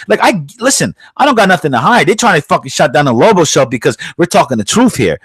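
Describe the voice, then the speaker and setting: A man's voice: on the high side, very animated, quick pace, hardly any pauses, fairly bright tone, breathy edge, no echo. Profane New man ranting. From New York. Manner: profane, blunt, heated ranting. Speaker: podcast host. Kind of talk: casual podcast rant.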